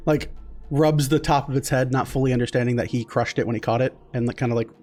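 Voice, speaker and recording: A man narrating as game master in a tabletop game, with relaxed narration full of fillers. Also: medium pitch, fast talker, faint music behind.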